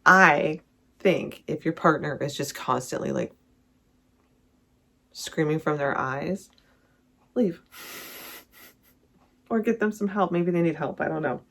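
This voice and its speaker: A music reviewer vlogger ranks songs in rambling, casual commentary, correcting themselves often and gushing enthusiastically over favorites. Their mid-range voice is creaky, bright and forceful, moving at a slow pace with long pauses.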